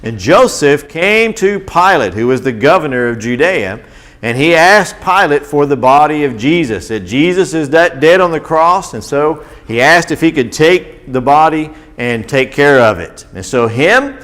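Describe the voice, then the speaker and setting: A man with a fairly high voice tells children a Bible story as their teacher, at a measured pace. He's animated and pauses frequently to ask the kids questions.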